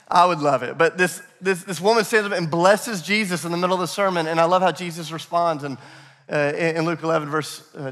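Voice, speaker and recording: Guy preaching in a big echoey church, kinda high voice, fired up, gets the crowd to shout answers back. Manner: energetic, prompts the congregation to call out answers; repeats key phrases for emphasis. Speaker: pastor. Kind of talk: sermon. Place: church sanctuary. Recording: echoey hall reverb.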